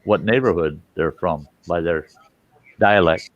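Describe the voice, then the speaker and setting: A man with a low voice hosts a casual chat, folksy and quick to laugh. The sound is dry and close, with a dull lo-fi quality. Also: no room sound. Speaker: host.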